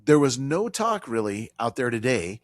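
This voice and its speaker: A man hosting a money talk radio show, with a lively pitch that swings up and down as he drives home each point. His voice is dry and close, with no room around it. He presses his points hard and circles back to repeat them. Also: moderate pace, no echo. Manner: emphatic, animated, repeats key points; casual banter with a colleague.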